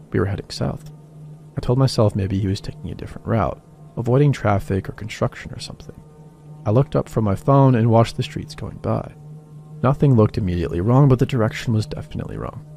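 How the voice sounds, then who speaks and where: A man reading a first-person horror story as scripted narration, in a quiet, even way. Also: lowish voice, gravelly. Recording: voice-over with faint music beneath.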